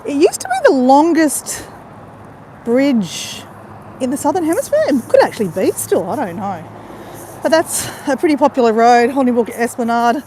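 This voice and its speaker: Middle-aged Australian woman, high and animated, casual live-stream chat into a phone on an outdoor walk. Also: slight background noise. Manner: chatty, greets viewers, quick to laugh. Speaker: vlogger livestreaming a walk. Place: outdoors on a waterside path. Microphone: phone held while walking.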